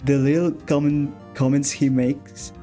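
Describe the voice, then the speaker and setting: A man's voice: medium pitch, flat delivery, a little slow, warm tone, soft background music. A man chatting casually while streaming a game, laughing often and restarting his sentences.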